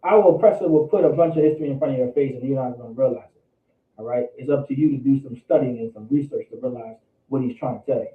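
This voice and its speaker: A man's voice: mid-range voice, fast talker, narrow, tinny audio. Man, Bible teacher, slangy preaching, repeats himself; distant, echoey, phone-thin audio.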